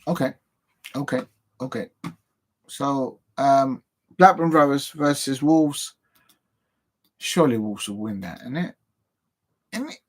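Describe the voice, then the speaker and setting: A man from England hosts a live football stream at a middle pitch. He rambles casually and pokes fun at himself. He talks straight to his viewers. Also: slow pace, pauses often. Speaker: football show host.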